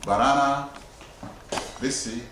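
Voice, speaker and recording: Slow, hesitant male student. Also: mid-range voice. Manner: hesitant, slow, trying out phrases. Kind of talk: classroom answers. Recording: echoey classroom with noise.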